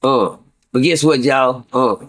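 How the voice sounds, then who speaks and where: Speaking slowly in a fairly bright, mid-range voice, a middle-aged man appears as a guest to tell viewers a story. He's casual and profane, repeating himself and stumbling through stammered restarts.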